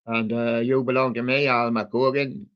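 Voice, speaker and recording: A man hosting a livestream, chatting slowly and jokily as he reads out a list of old songs, with many ums and rambling asides. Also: mid-range voice, little pitch movement, highs cut off. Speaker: livestream host reading out a music playlist. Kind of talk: casual running commentary between old songs.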